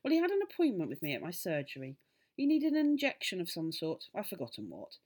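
A woman reading aloud, voicing an excitable, mischievous little old village doctor who rises to loud indignant bursts. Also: on the low side, fast, breathy edge, full character voice. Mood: gleeful storytelling.

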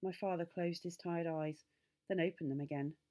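A woman reading a children's story aloud with expressive, lively storytelling. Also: on the low side, normal speed. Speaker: narrator.

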